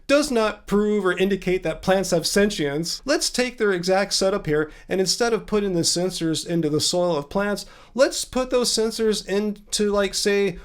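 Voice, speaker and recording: A man hosting a commentary vlog, talking in an emphatic, argumentative and sarcastic way. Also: sits high. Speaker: vegan channel host.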